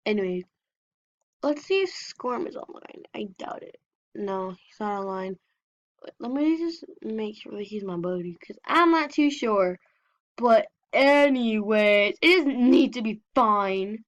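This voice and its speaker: A woman's voice: mid-range voice, animated, unhurried. A young woman chatting casually while playing an online game and reading its messages aloud. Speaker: gameplay vlogger. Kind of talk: casual gameplay commentary. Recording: dull lo-fi sound.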